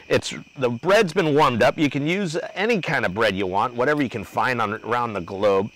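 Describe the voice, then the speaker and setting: A man's voice: medium pitch, normal speed, a bit bright, dry recording, poor audio. Joking man hosting a grilling demo. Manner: loose, joking, talks to crew and viewers. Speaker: cooking show host. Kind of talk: casual outdoor grilling demo. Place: outdoor grill area.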